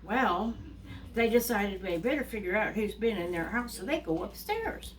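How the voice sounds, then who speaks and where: A woman telling a fairy tale to young children, animated and asking them questions along the way. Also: medium pitch, normal speed, a little hiss or hum. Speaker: children's storyteller. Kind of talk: reading a story to young children. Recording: distant mic with faint ambience.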